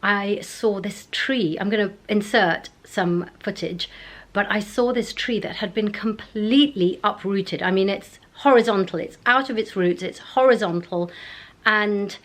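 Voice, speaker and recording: A woman talks straight to her camera at home, casual and rambling, chatting away while she goes through her routine. Her voice sits at an ordinary, middle pitch for a woman. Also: a little slow, low-quality recording. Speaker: beauty vlogger. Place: at home, indoors.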